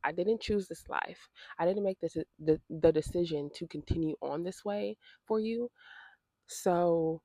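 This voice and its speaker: A woman's voice: fairly low pitch, a little slow, dark tone, no room sound. A woman vlogger telling a personal story in a direct, indignant and emotional way, often repeating her phrases for emphasis. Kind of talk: storytime vlog.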